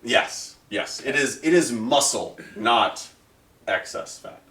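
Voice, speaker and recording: A game master narrating a tabletop game, describing scenes in a lively, rambling way with many restarts. His voice rises and falls widely. The mic sits far off in a roomy space. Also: medium pitch, slow pace.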